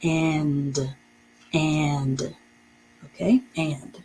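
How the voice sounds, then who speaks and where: A woman's voice: sits low, steady tone, normal speed, rough recording. A woman teaching a beginner reading lesson, patiently repeating and spelling out each word.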